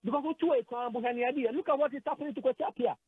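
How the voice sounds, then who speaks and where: With an extremely high pitch and a breathy edge, a man with a Ghanaian accent races through sports talk in a radio studio. He switches between Twi and English, getting emotional, hesitating and repeating words. There's no room sound, and the audio has phone quality.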